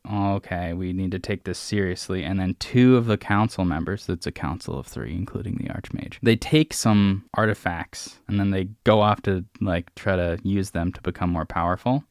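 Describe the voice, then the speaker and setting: A man co-hosting a casual podcast, retelling a video game's storyline and slipping into quick character voices. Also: sits low, no echo, studio quality. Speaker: podcast co-host.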